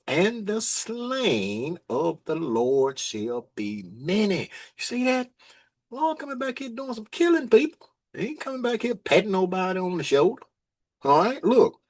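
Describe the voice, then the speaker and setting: A man's voice: on the high side, breathy edge. Emphatic folksy man teaching scripture. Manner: folksy, emphatic, reads verses slowly and comments in plain talk. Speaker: Bible teacher. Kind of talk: informal Bible teaching with scripture reading.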